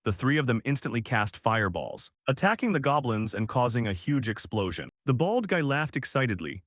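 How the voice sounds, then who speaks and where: Lively male recap narrator, dry mic. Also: mid-range voice, fairly quick, hardly any pauses, no room sound.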